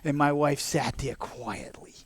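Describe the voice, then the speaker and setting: A man's voice: a little high, steady tone, measured pace, husky, no room sound. A middle-aged man, a guest on a talk podcast, telling stories in a jokey way and laughing often. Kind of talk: casual talk show banter.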